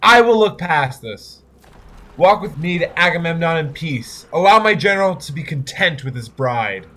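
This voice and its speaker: A young man, a student actor, playing a stern herald of the conquering army in a stage tragedy, speaking in a measured, commanding way. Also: on the high side, animated, bright, forceful tone. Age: young adult.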